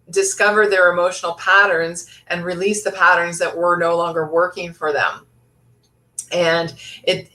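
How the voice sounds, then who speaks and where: A woman's voice: fairly low pitch, a bit bright. A woman life coach giving an earnest motivational talk, with many fillers and restarts.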